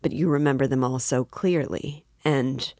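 A woman's voice: rumbling low, moderate pace, warm tone, no echo, clean studio sound. A woman reading aloud voices a tense, defensive young male student who covers his nerves. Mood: strained. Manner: guarded, feigning irritability.

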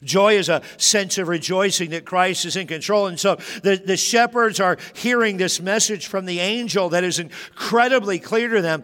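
A man in his fifties preaching a sermon as pastor, animated and joking, with sudden emphatic bursts. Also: high voice, moderate pace, hardly any pauses. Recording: long hall reverb.

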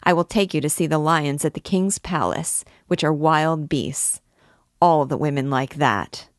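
Woman doing boastful young captain, storybook reading, low, dry recording. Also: dry recording. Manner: boastful, quick, rising to loud outbursts. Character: brash swaggering young male army captain.

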